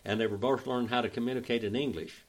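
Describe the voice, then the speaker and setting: An older man with an Oklahoma Southern accent, teaching a Bible study in a folksy, drawling way and spelling out the Greek grammar slowly. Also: mid-range voice, fairly even intonation.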